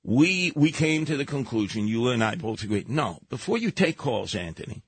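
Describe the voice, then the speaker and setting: A man's voice: medium pitch, sing-song, moderate pace, husky. A man hosting a radio talk show, telling stories and giving blunt, emphatic advice at a studio microphone.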